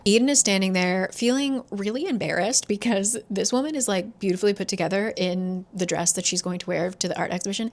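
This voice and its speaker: A woman casually retelling a thriller's plot as a book channel host, chatty and full of "like". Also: medium pitch. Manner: chatty, fillers like "like", acts out quoted lines.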